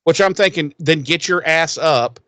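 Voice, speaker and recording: Male co-host, casual profane storyteller, slightly high pitch, dry recording. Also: normal speed, a bit bright, dry recording. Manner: loose, profane storytelling with frequent fillers. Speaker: podcast co-host. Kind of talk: casual chat recapping a TV episode.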